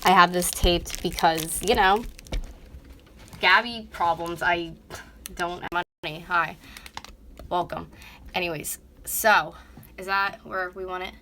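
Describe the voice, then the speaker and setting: A young woman in her twenties streams a casual nail tutorial from her bedroom vanity. Her voice is bright and forward, and she rambles bluntly with plenty of swearing. The sound comes from a phone propped up close, with faint noise underneath. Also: lowish voice, steady tone, slow, pauses often. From North America. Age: 20s. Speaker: beauty vlogger. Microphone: phone camera propped up close.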